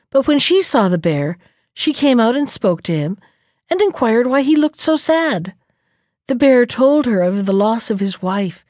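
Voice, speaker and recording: A woman narrating an animal folktale in an expressive, measured storybook style. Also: a little high, dry recording, clean studio sound.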